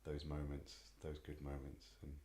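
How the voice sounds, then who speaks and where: English dad, co-host, slow reflective chat, very low voice, echoey. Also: male voice, monotone, warm tone. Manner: reflective, hesitant with many ums. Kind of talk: casual chat.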